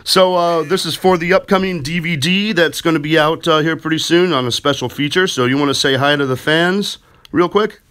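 A man's voice: fairly high pitch, brisk, a bit bright, smooth. Chatty man on a prank call. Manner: chatty, filler-heavy, upbeat. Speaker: prank caller, show host. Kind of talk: casual prank phone call.

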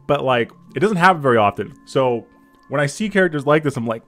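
A man in his thirties giving casual reaction commentary on a game, excitable, swearing and laughing often. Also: medium pitch, quick pace, soft background music. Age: 30s.

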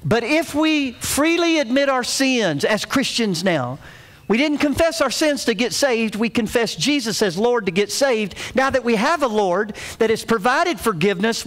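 A man's voice: extremely high pitch, fairly bright tone. A middle-aged man preaching a sermon as pastor, telling a family story in a folksy, humorous way.

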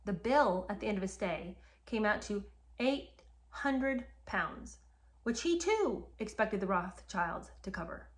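A woman's voice: mid-range voice, expressive, a little slow. A woman casually retelling a history story to the camera, speaking straight to her viewers in an indignant, emphatic way. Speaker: history commentator.

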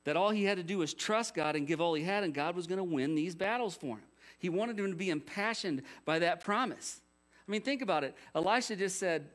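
A man's voice: high voice, lively intonation, fairly quick, a bit bright. A man preaching a sermon as pastor, conversational, with rhetorical questions and jokey asides.

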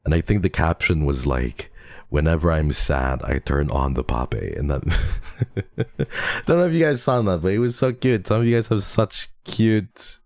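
A man with an extremely low voice chats with his stream audience, stuffy and sniffling from a cold. He is playful and teasing and laughs often. The sound is close and dry, with no room around it. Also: lively intonation, unhurried, dry recording. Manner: playful, teasing, laughs often, mixes in Tagalog and Korean endearments. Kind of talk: casual chat with chat readers.

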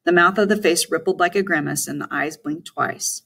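A woman's voice: low voice, moderate pace, gravelly, hardly any pauses, slightly rough. A woman narrating a first-person story as an audiobook, reading in a storytelling manner. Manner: first-person storytelling, lively voiced dialogue.

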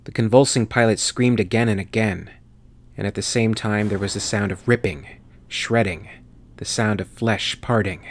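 A man narrating a sci-fi horror audiobook with steady, measured reading. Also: on the low side, slight background noise. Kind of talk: scripted narration.

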